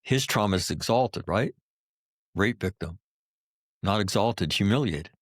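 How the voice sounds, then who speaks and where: A man's voice: fairly low pitch, lively intonation, measured pace, dry recording, studio quality. A middle-aged man, a Marine combat veteran, telling stories in a podcast interview, blunt and profane, hammering his points home with repeated phrases. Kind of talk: candid podcast interview storytelling.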